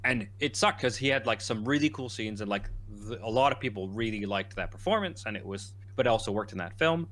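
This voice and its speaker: Casual male podcast co-host, bright tone, rambling and animated. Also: lowish voice, brisk, hardly any pauses, a little hiss or hum. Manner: rambling, animated, quotes characters in lively bursts. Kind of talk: casual chat.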